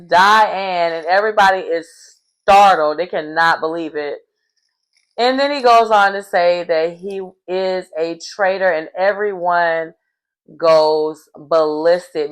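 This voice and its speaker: A woman recapping a reality show episode in casual chat, animated and acting out what people said. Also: mid-range voice, poor audio. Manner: animated storyteller acting out quotes.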